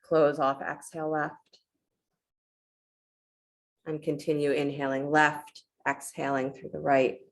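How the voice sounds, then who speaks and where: Yoga teacher, woman: low-pitched, a little gravelly, calm encouraging cues and reflective talk. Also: normal speed. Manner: calm, encouraging cueing with short commands; reflective storytelling about letting go. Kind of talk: guided yoga class instruction.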